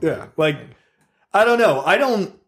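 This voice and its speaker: A man's voice: sits high, expressive, measured pace, fairly bright tone, a little hiss or hum. A man co-hosting a casual film review podcast, talking playfully and laughing often. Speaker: podcast co-host.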